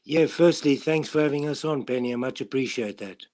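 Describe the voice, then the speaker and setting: A man's voice: medium pitch, fairly quick, a little mellow, a little hiss or hum. A man with a New Zealand accent, a guest on a live stream, giving polite, brief replies over a remote call. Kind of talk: casual live stream chat.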